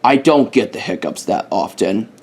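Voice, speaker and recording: A man voicing a friendly male bear with a polite, gentle manner in a homemade toy-animal story. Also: fairly low pitch, expressive, normal speed, husky, voice pushed down. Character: friendly male bear who gives hugs.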